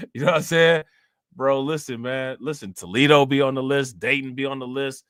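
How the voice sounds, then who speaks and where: Livestream host, man with a Northeast Ohio accent, mid-pitched, loose and profane, close and dry. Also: steady tone, moderate pace, a bit bright, clear, resonant tone, dry recording. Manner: loose, rambling, slangy and profane. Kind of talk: casual livestream chat answering viewers.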